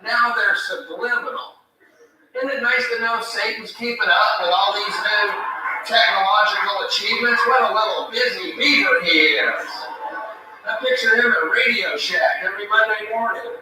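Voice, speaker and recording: A man's voice: high voice, normal speed, heavy reverb, far from the mic, heavy background noise. A man performing a sardonic stand-up routine, mocking as he goes. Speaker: stand-up comic.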